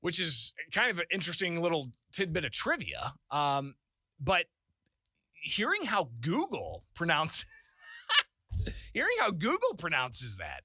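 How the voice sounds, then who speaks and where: A man's voice: fairly high pitch, wildly swooping pitch, a little slow, pushed and bright, dry recording, studio quality. A man hosting a call-in radio talk show, chatty and laughing often, with lots of fillers. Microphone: studio microphone.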